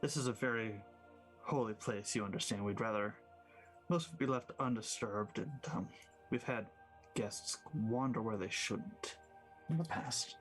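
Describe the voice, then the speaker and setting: A man's voice: fairly low pitch, moderate pace, fairly bright tone, faint music behind, natural voice. A man voicing a prim, cautious temple priest, politely stern and a little hesitant. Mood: guarded.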